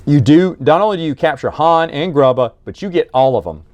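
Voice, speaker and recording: A man recapping old adventure books in a casual chat, enthusiastic, laughing at the jokes and acting out quotes with quick asides. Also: fairly high pitch, animated, darkish tone, no echo. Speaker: book reviewer.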